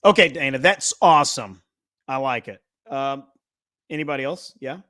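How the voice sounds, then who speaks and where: Male streamer, host, casual and lively, joking banter. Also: mid-range voice, moderate pace. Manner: energetic, playful, joking. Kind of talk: casual live-stream chat.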